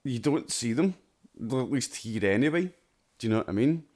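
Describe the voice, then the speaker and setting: A man's voice: medium pitch, animated, moderate pace, a little mellow. A Scottish man co-hosting a podcast, chatting casually, swearing a lot and often asking if you know what he means. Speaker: podcast co-host. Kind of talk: casual chat.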